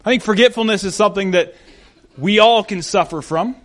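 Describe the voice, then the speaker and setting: High-voiced young male pastor. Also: fairly quick, a bit bright. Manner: enthusiastic, storytelling. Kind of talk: sermon.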